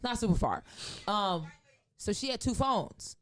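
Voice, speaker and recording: A woman comedian telling a long story in casual chat, animated and profane, laughing often and acting out the lines of the people in it. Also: mid-range voice, measured pace. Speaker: comedian guest.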